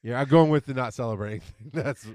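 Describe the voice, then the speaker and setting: A man's voice: mid-range voice, fast talker, darkish tone, no room sound, clean studio sound. A middle-aged man co-hosting a casual podcast chat, rambling and stumbling over words. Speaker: podcast co-host.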